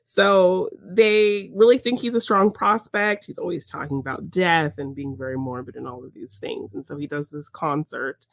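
A woman's voice: deep voice, moderate pace, gravelly, hardly any pauses, no room sound, clean studio sound. A woman co-hosting a podcast, recapping a film in casual chat, laughing often and using lots of fillers. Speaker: podcast co-host.

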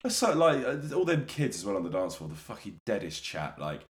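Young London lad, podcast co-host, swears and laughs a lot, animated delivery, echoey room. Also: male voice, fairly low pitch, a little fast. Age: young adult. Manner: laughing, sweary, mock-solemn asides. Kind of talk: casual banter.

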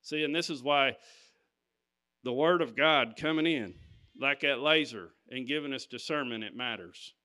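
Bright, clear-voiced man preaching. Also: mid-range voice, normal speed. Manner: emphatic, conversational preaching with scripture readings. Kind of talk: sermon.

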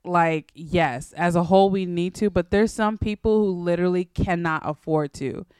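A young woman co-hosting a podcast, chatting in an animated, exasperated way and laughing easily. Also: lowish voice, moderate pace, clear, resonant tone, dry recording, studio quality. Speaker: podcast co-host. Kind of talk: casual chat.

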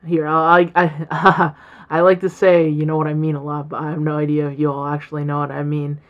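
A young woman speaks low in her range while she hosts a solo podcast. She muses aloud in a rambling way and often restarts her sentences. The recording sounds a little dull and muffled. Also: little pitch movement, brisk. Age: young adult. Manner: rambling and reflective, with many fillers and restarts. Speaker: podcast host. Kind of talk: casual solo podcast talk.

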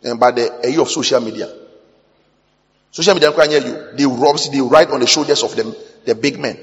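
A man with a Ghanaian accent preaching a sermon, mixing English with Twi and breaking into sudden loud bursts. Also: medium pitch, a little fast. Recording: long hall reverb.

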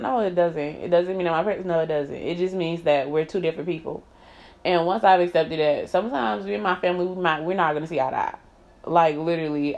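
A woman's voice: fairly low pitch, creaky. A woman talking candidly and emphatically to camera in a personal vlog, swearing freely and laughing often. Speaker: vlogger. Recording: slightly dull lo-fi sound.

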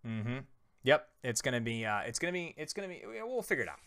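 A man in his thirties co-hosting a podcast, chatting casually and quizzing his co-host with teasing rapid-fire questions. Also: medium pitch, big pitch swings, fairly bright tone, no echo. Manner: playful, teasing quizmaster. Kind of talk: casual chat.

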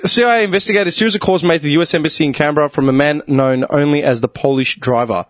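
A young man hosting a casual podcast chat, an animated storyteller who swears freely. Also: on the high side, racing, dry recording, studio quality. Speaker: podcast host.

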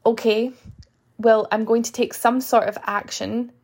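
A young woman coaching her listeners through a motivational podcast monologue, earnest and encouraging. Her voice sits a little high, with a gravelly fry running under her words. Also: flat delivery, measured pace, a little mellow. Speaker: podcast host and fitness coach.

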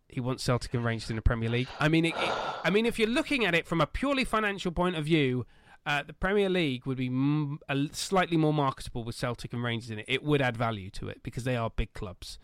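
Guy co-hosting a football podcast, gets loud and worked up, swears a lot, dry close mic. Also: medium pitch, fast talker, hardly any pauses, clean tone, no echo. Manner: animated, loud bursts, swears, laughs at own jokes. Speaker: podcast co-host. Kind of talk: casual football chat.

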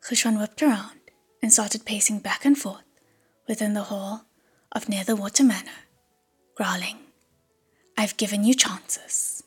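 A woman narrating an audiobook in a hushed whisper. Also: mid-range voice, slightly rough.

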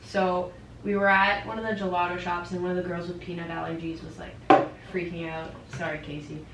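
A woman with a fairly low voice shares an anecdote in easy conversation and laughs as she goes. The recording is roomy and a little distant, with faint noise underneath. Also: flat delivery, a little fast, fairly bright tone. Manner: laughing, chatty storyteller. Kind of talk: casual chat.

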